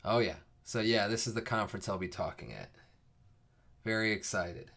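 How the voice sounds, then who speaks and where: A man's voice: fairly low pitch, lively intonation, moderate pace, gravelly, fairly bright tone. A young man hosting a live coding stream, chatting casually with viewers in a rambling way, full of fillers and restarts before the lesson.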